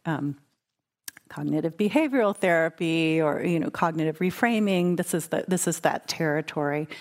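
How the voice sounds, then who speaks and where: A woman meditation teacher giving a dharma talk at a retreat, conversational and playful as she tells stories. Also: fairly low pitch. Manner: conversational, warm, playful storytelling.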